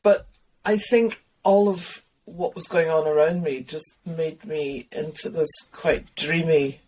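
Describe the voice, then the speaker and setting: A woman's voice: low voice, fairly even intonation, slow pace, dark tone, rough recording. A woman being interviewed about her books, talking in a rambling, self-deprecating way with restarts and laughter over a video call. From Scotland. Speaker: interview guest, children's author and illustrator. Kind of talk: relaxed conversational interview.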